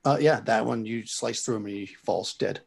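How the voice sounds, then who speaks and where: A man's voice: fairly low pitch, normal speed, gravelly, slightly rough. A man narrating as game master for a tabletop game, rambling with many fillers and restarts.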